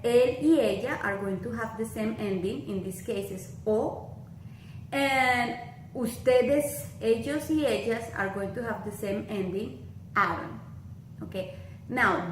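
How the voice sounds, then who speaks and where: A woman's voice: fairly high pitch, roomy sound, a little hiss or hum, poor audio. A woman with a Latin American Spanish accent teaching a language lesson, patient and repetitive as she drills examples.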